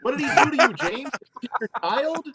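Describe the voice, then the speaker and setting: A man's voice: very high voice, lively intonation, moderate pace, noisy background. A man appearing as a guest on a sports talk show, teasing the host with mock-serious questions.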